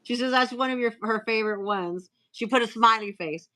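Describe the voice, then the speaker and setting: Chatty lady host reading messages on a live stream, lots of ums and restarts, bright voice. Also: a little high, rough recording. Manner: chatty, reads cards aloud with filler pauses and restarts.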